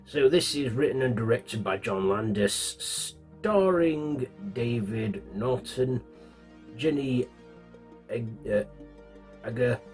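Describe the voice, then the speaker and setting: Yorkshire guy rambling through a film review, lots of ums, middle pitch voice, bit of music quietly behind. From Yorkshire, England. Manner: rambling, with fillers and self-corrections. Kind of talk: casual spoken film review.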